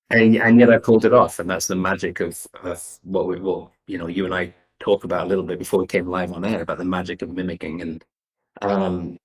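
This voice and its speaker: A man's voice: low voice, low-quality recording. An English man in his fifties, a guest entrepreneur telling stories in an interview with frequent restarts. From England. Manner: animated storyteller, restarts sentences often. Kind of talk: conversational interview storytelling.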